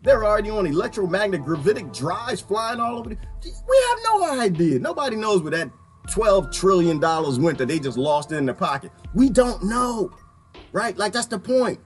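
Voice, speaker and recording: Animated man ranting, lively high voice. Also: moderate pace, soft background music. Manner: animated, laughing, swings between loud and low. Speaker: video commentator. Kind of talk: casual political rant.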